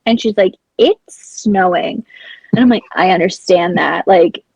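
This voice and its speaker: A young adult woman telling a story as a podcast guest, rambling and excitable, with "like" filling nearly every phrase. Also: on the low side, unhurried, vocal fry, husky, no room sound, muffled recording. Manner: excitable, acts out her own past panic. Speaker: blind hockey program founder, guest. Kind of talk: casual storytelling in an interview.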